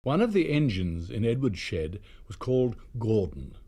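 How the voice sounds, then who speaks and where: A man reading a children's railway story aloud as narrator, expressive and measured. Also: lowish voice, slightly rough.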